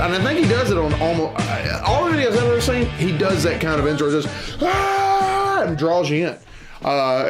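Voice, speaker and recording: A man hosting a board game channel, chatting to camera in a rambling, enthusiastic way, often restarting his sentences. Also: fairly high pitch. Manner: loud and boisterous at times. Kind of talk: casual chat to camera.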